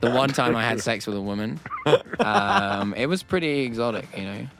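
A man co-hosting a radio comedy show, joking in deadpan banter. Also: mid-range voice, normal speed, faint music behind. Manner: deadpan, jokey, mock impressions.

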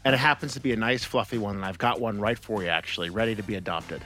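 A man's voice: fairly low pitch, fast, pushed and bright, soft background music. A married man co-hosting a radio show, telling stories in an easygoing way and laughing often. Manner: chuckling, easygoing storyteller. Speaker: radio co-host. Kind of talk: casual radio banter.

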